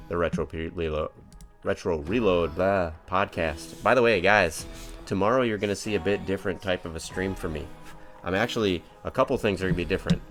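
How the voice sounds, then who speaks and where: A man with a very low voice chats loosely through a live game stream, wandering off track and cheerfully laughing at his own clumsiness. His talk stays easygoing and upbeat. Faint music plays quietly underneath. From United States. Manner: rambling, upbeat, self-mocking. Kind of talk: casual live-stream chat.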